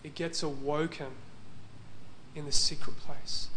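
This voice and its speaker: A man's voice: fairly high pitch, flat delivery, unhurried, bright, forceful tone, slight background noise. A man preaching in a church, telling a personal story in an earnest, emotional way. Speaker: pastor.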